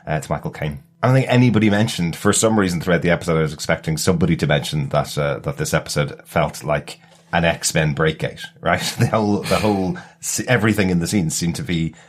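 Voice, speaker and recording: A man hosting a podcast in casual chat, rambling along with lots of fillers and restarts. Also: low voice. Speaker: podcast host.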